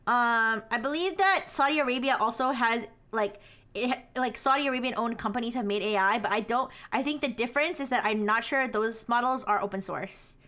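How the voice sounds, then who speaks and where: A woman's voice: on the high side, a little fast, bright, forceful tone. A young woman chatting casually on a live stream, rambling with many restarts and frequent laughter.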